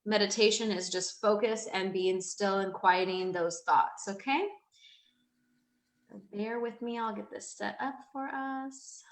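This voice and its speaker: A woman's voice: mid-range voice, measured pace, reverberant, rough recording. A woman hosting a live online masterclass, upbeat and chatty with fillers. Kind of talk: casual live class talk.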